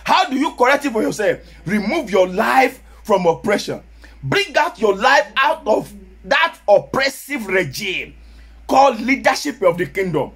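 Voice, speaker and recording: A man with a Nigerian Yoruba accent, preaching a sermon as pastor, sometimes rising to shouts. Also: high-pitched, sing-song, normal speed, slightly rough.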